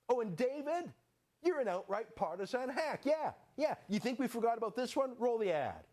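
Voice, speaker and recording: A male commentator speaking sarcastically, with a slightly high voice. He throws out rhetorical questions and his pitch swings dramatically, giving the commentary a theatrical bite. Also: very animated, moderate pace, a little mellow.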